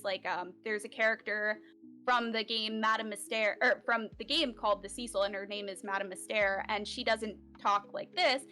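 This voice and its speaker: A woman's voice: a little high, pushed and bright. A woman from Central Florida, a voice actor, chatting casually in an interview with lots of "like" and "um" fillers. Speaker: voice actor guest. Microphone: home recording setup.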